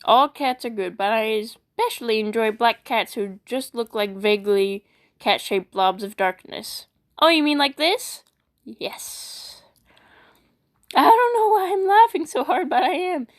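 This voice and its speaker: A woman's voice: a little high, unhurried. Playful woman voice actor reading posts. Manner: animated, playful, switching voices often. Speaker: YouTube voice actor.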